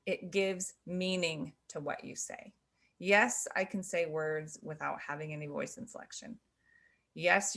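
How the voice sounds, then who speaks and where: A middle-aged woman explains to learners with a calm, teacherly patience. Her voice sits a little low and carries a gravelly fry at the ends of phrases. She breaks into quiet laughs now and then. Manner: gentle, laughs softly between points. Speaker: sign language teacher.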